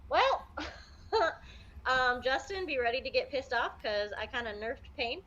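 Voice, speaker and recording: Chatty female panelist with a bright voice, relaxed and rambling. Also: high voice, measured pace, muffled recording, a little hiss or hum. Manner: chatty, with fillers and hedges. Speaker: podcast panelist. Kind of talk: casual chat.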